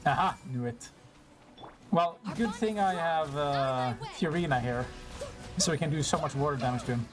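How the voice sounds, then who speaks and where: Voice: medium pitch, music in the background. A young-adult streamer chatting with viewers over live gameplay, teasing them, laughing a lot and swearing casually. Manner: chatty, teasing and quick to react.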